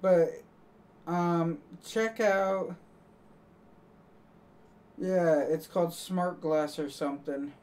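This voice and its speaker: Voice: mid-range voice, fairly even intonation, drawn-out words, long pauses, darkish tone, far from the mic. A live streamer chatting casually to viewers, rambling and joking, laughing at their own jokes.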